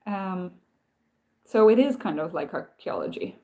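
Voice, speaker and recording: A woman with a fairly low, warm, expressive voice chats casually on a live stream, speaking a little slowly. She tells rambling stories, interrupting herself and restarting many times, and answers viewer comments.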